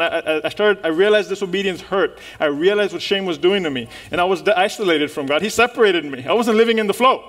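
A male pastor preaching to a congregation, his voice sitting a touch high for a man. He tells his story in an animated way, full of restarts and calls to the room. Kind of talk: sermon. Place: church in front of a congregation.

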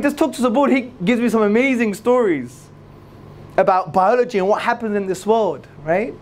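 A man giving an energetic religious lecture to a live audience, repeating key phrases for emphasis. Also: slight background noise. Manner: swings between loud high emphasis and low asides. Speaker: Islamic lecturer.

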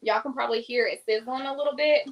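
A woman's voice: a little high, fairly even intonation, fast talker, rough recording. Chatty Southern woman cooking live. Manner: chatty, addresses viewers as y'all. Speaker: cooking vlogger hosting a livestream. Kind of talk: casual live cooking chat.

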